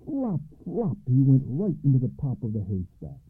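A male radio storyteller who reads aloud with a lively, rising and falling pitch and a husky edge to his voice. The sound is narrow and tinny, like a phone line or an old broadcast. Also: brisk. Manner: expressive, dramatic reading. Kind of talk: storytelling reading.

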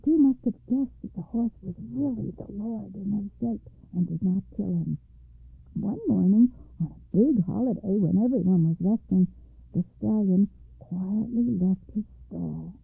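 A woman telling a fairy tale as a radio storyteller, reading in a measured, expressive way. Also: mid-range voice, creaky, husky, no room sound. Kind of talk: scripted fairy-tale narration. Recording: dry, tinny phone-like radio sound.

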